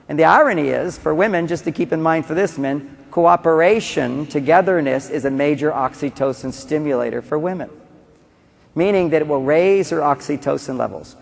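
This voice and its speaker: A man giving a conference talk on relationships, animated, acting out quotes and repeating key phrases. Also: medium pitch, vocal fry. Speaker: relationship seminar speaker. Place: large conference hall. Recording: long reverb of a conference hall.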